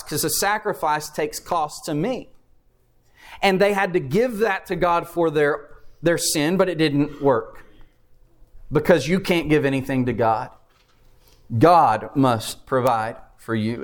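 Earnest high-voiced male preacher. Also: unhurried. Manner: earnest, emphatic, reads scripture aloud with rising and falling emphasis. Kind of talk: sermon.

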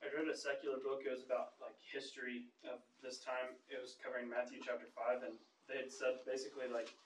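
Male class member, monotone, heard from across a roomy space with faint hiss; casual, halting. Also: medium pitch, recorded from a distance.

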